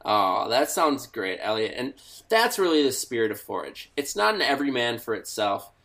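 A man's voice: mid-range voice, sing-song, moderate pace, pushed and bright. A man co-hosting an improvised comedy podcast, prompting his partner in a mock-earnest interviewer manner. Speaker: podcast co-host.

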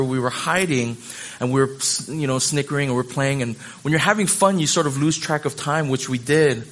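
A man in his thirties from Hawaii, a pastor telling a personal story in a sermon and acting out the voices. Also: medium pitch.

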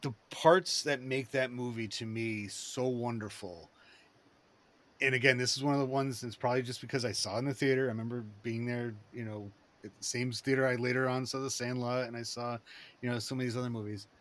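Rambling, excitable man in casual chat. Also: medium pitch, a little fast. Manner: rambling, excitable, many fillers and restarts.

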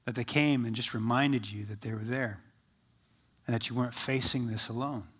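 Man preaching, soft hushed quotes. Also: medium pitch, husky. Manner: shifts from lively to soft and slow when quoting Jesus. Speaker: pastor. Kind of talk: sermon.

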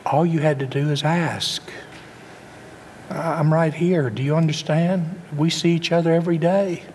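With a steady, slightly mellow tone and normal speed, a man gives a sermon whose mid-pitched voice reverberates at length through a spacious hall, a faint hum beneath it. He asks his audience repeated rhetorical questions and restarts words in stumbling repeats.

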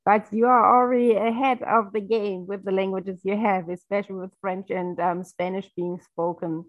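A woman's voice: medium pitch, fairly even intonation, moderate pace, dry recording, phone-quality sound. A woman hosting a podcast, chatting eagerly and affirming often. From Germany. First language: German. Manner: enthusiastic, frequent affirming yeses. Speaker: podcast host. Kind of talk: casual interview conversation.

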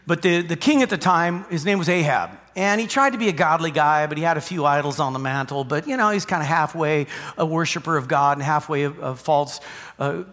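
A man's voice: sits high, a bit bright. A male pastor preaching a sermon in a large church, telling the story animatedly and acting out the quotes. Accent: American. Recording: live church hall with long reverb.

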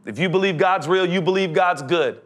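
A young adult man preaching a sermon as pastor, animated, slipping into comic voices and building to an urgent pitch. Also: fairly quick.

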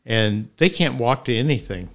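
A man's voice: medium pitch, animated, moderate pace, a bit bright. An older man, a podcast guest, talking in a laid-back way with dry humor. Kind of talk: casual conversation.

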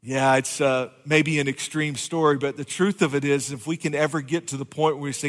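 A man's voice: a little high, flat delivery, a little fast, hardly any pauses, big-room sound. A man preaching a conversational sermon as pastor, joking with his congregation. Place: church sanctuary.

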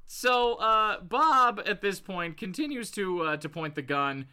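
Animated woman retelling a comic. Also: mid-range voice, unhurried, clear, resonant tone. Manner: animated storytelling with voices and laughter. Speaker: podcast co-host retelling a comic. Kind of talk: casual comedic chat.

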